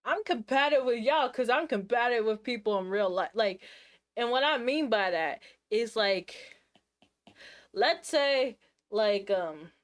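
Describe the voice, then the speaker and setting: A woman's voice: a little high, expressive. Woman streamer just chatting w her viewers, slangy n sassy, lots of restarts. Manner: slangy, sassy, talks in quick asides with restarts. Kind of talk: casual chat to a live stream audience.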